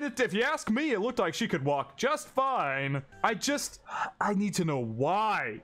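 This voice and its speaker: A man's voice: high voice, very animated, measured pace, a bit bright. A man with a slightly raised voice talks through an anime as he watches it. He is openly exasperated, circles back on the same questions, and swears freely in a loose, unscripted reaction style. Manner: exasperated, repeats himself, swears often. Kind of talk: casual reaction commentary.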